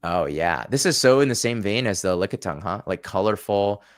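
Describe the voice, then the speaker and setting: Man, low voice, casual livestream host, chatty, thinks out loud, restarts sentences. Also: expressive, moderate pace. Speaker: channel host.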